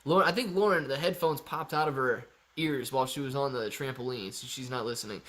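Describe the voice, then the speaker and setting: A man's voice: medium pitch, a little fast, fairly bright tone. A man hosting a live stream, chatting casually with viewers, reading out their questions and explaining his answers in a laid-back way.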